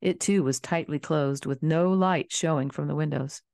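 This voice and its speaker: A woman narrating a children's novel in a calm, steady storybook reading. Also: sits low, moderate pace, gravelly, no room sound, clean studio sound. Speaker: audiobook reader.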